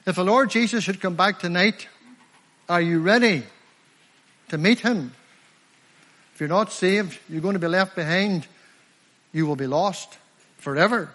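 A fervent middle-aged preacher with a Northern Irish accent, his voice pitched high for a man. He leans hard on key phrases, stretching them out for weight. The sound rings with the long reverb of a large hall. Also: a bit bright. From Northern Ireland. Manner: fervent, emphatic, slows down to stress key phrases. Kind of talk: evangelistic sermon.

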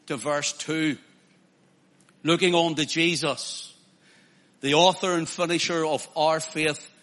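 A man's voice: sits high, a bit bright, long reverb tail. A man preaching a sermon with impassion, building to emphatic declarations.

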